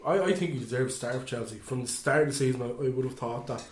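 Man, animated football chat, echoey room. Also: fast talker, slight background noise. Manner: animated, mimics players with sudden high voices. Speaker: podcast co-host.

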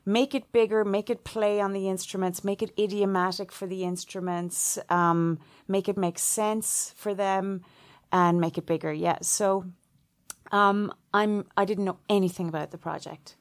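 As a guest in an interview, a middle-aged composer from Ireland answers with stories in a mid-range, unhurried voice. She brings them to life by performing the quoted voices and laughing along.

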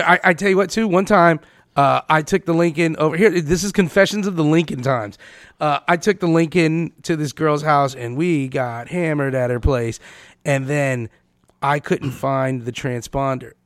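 A man chatting casually on a podcast, telling crude, animated stories and swearing a lot. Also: a little high, normal speed, no room sound, studio quality.

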